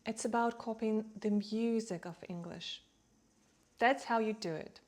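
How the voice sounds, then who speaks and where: A woman teaching English in a calm, unhurried voice that sits a little high. She lays heavy stress on key words so learners can hear the rhythm. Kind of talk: slow, clear teaching delivery.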